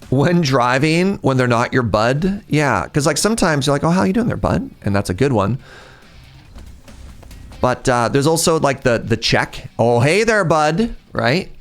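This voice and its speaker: Lively, excitable man streaming a game. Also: medium pitch. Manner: excitable, chatty, talks to chat. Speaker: streamer playing a video game. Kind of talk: casual live-stream gameplay commentary.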